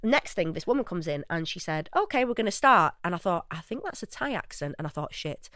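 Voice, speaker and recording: A young woman co-hosting a podcast, telling a story with lively acted-out quotes and casual swearing. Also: fairly low pitch, fairly quick, dry recording, clean studio sound. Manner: animated storyteller, acts out quotes, swears freely. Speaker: podcast co-host.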